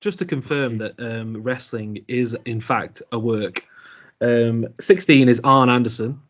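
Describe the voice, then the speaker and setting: A man's voice: medium pitch, unhurried, a bit bright. A man co-hosting a podcast, talking casually with friends and laughing often. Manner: chatty, laughs often, swears. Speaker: podcast co-host. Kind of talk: casual chat.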